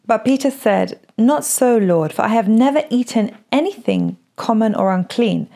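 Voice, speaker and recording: A woman reading Bible verses aloud at a steady, even pace during a teaching. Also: fairly high pitch, moderate pace. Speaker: scripture reader.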